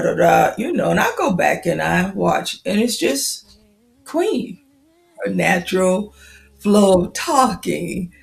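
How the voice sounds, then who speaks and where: A woman's voice: fairly low pitch, creaky, roomy sound, rough recording. A woman in her fifties chatting casually on a livestream, greeting viewers by name. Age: 50s. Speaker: livestream host.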